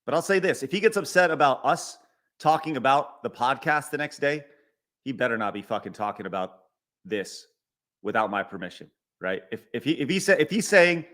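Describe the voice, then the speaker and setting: Heated, lively-voiced man ranting. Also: medium pitch, fairly quick. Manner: heated and exasperated, with repeated words and profanity; stutters and restarts often. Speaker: podcast host. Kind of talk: live-stream rant reading super chats.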